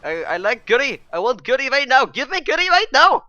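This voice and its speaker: A man putting on an exaggerated Pakistani accent as a mocking caricature, shouting demands. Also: big pitch swings, fairly quick, no echo, exaggerated voice. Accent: Pakistani (put on). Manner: shouting, high-pitched demands.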